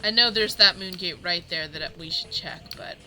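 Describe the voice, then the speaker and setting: A woman's voice: on the low side, moderate pace, sharp tone, soft background music, poor audio. A woman streaming a game live, chatting and exclaiming to her viewers.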